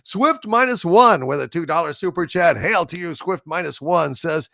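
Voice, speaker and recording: A male host in casual livestream chat, reading viewer messages aloud and answering them bluntly, with plenty of swearing and jokes. His voice sits a little high and is gravelly, and his pitch swings widely. The sound is dry and close. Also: lively intonation, moderate pace, hardly any pauses, pushed and bright, dry recording. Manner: blunt, profane and joking.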